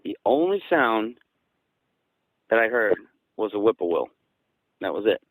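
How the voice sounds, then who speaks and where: A man from southeastern Massachusetts, a guest on an interview show, telling a story in a casual, excited way that turns louder and higher when he quotes people. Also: a little slow, no room sound, rough recording. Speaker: guest recounting an encounter.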